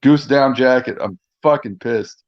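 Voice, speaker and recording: Animated man on lo-fi call audio. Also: medium pitch, measured pace, soft background music. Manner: animated storyteller, swears, exaggerates. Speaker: guest. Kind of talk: casual livestream chat.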